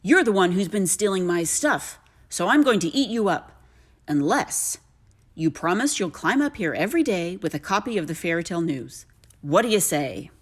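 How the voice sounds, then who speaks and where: A woman's voice: on the low side, animated, moderate pace, breathy edge. A woman playing a bellowing storybook giant. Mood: threatening. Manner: bellowing, shouting. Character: huge booming male giant, gruff and menacing.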